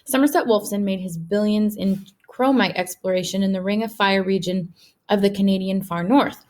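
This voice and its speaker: A woman's voice: mid-range voice, normal speed. A woman teacher reading a children's novel aloud to her pupils. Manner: steady, clear reading to children. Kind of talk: read-aloud storybook narration.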